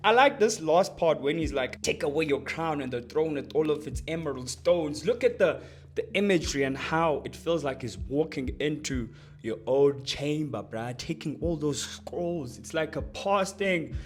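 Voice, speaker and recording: A young man explaining rap lyrics in a casual, slangy, excitable way, breaking off from quoted lines to unpack them. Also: on the high side, normal speed, a little hiss or hum. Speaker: music commentator.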